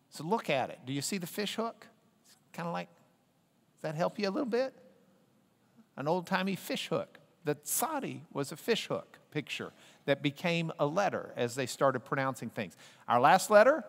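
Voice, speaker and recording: Joking around, a man leading a Bible class in a large hall playfully coaxes his listeners into saying letters back to him. His high voice has a fairly bright tone and lots of pitch swings, and a long hall reverb trails the sound.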